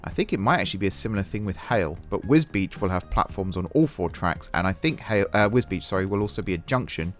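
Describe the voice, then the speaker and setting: A man's voice: low-pitched, expressive, fast talker, few pauses, faint music behind. A man hosting a casual let's-play, chatting and thinking aloud while he builds, and poking fun at his own mistakes. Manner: self-deprecating about mistakes. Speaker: gaming channel host.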